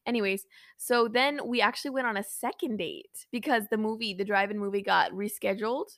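A young woman co-hosting a podcast, telling a story in casual chat with lots of animated asides and laughter. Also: medium pitch, a little fast. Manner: chatty, animated, laughs often. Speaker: podcast co-host.

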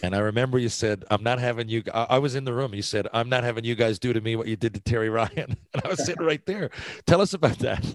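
A man hosting a casual interview who swings from low murmurs to loud, excited outbursts. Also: quick pace, no room sound. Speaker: podcast host, former player.

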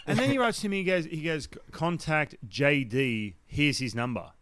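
A man's voice: a little high, moderate pace, background noise. A man telling a story in casual chat, acting out the quotes. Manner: animated storyteller, acts out quotes loudly. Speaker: podcast guest telling a story.

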